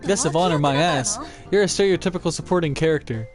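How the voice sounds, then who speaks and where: A man playing a story game on stream, reading the lines aloud and reacting loudly with swearing and laughter. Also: a little high, fast, loud music behind the voice. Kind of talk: game let's play with read-aloud dialogue.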